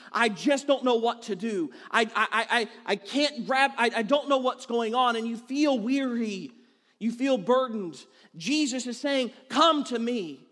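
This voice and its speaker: A man's voice: extremely high pitch, fairly bright tone. A man preaching a sermon as pastor, earnest and conversational, building points through repetition. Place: church sanctuary. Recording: long hall reverb.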